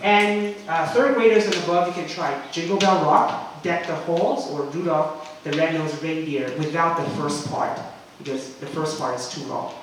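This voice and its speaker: A man's voice: a little high, moderate pace, background noise. Man, chatty teacher trainer; recorded far off in a very echoey room. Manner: chatty, frequent "okay?" checks, demonstrates chants. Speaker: English teacher.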